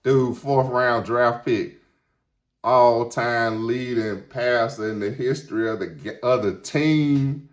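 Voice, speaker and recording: A man's voice: mid-range voice, steady tone, takes it slowly. A man hosting a sports talk show, delivering a fired-up, combative monologue full of repeated hype lines. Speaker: sports radio host.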